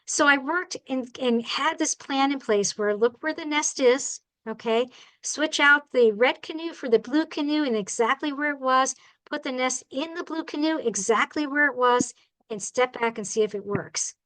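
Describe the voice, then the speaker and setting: Chatty female bird rehabilitator, high voice, animated storyteller who checks in with the room. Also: moderate pace, low-quality recording. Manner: animated, acts out the people and birds in her stories; chatty, asks the audience "all right?". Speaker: bird rehabilitator giving a talk. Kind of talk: storytelling talk to a club.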